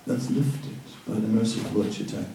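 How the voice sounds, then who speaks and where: Speaking a little fast in a fairly low, dark-toned voice, a spiritual teacher earnestly reassures listeners while answering a question in a devotional talk, repeating words to stress them. Faint noise and echo come through a distant mic.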